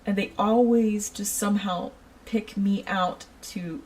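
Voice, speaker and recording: A woman who works in a shoe store, telling a casual, animated story about her customers and laughing often. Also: mid-range voice, unhurried, pauses often, distant mic, slight background noise, poor audio. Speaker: retail shoe store worker.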